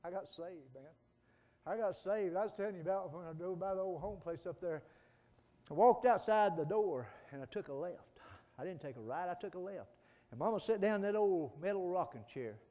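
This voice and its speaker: A middle-aged preacher man with a fairly high voice, talking in a folksy way that drops to soft pleading and then rises to loud fervent calls. His sermon rings through a church sanctuary with a long reverb. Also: lively intonation, fairly quick.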